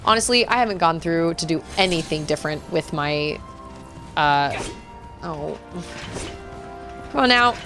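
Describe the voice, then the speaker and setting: A woman's voice: deep voice, fairly even intonation, normal speed, music in the background. A woman gaming streamer chatting casually and reacting aloud as she plays. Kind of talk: casual live-stream chat while playing.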